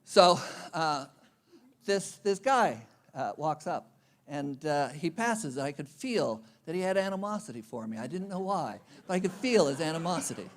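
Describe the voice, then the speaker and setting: A man's voice: on the high side, expressive, moderate pace. Self-deprecating man telling a funny story. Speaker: conference speaker. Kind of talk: humorous anecdote in a speech. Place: conference venue.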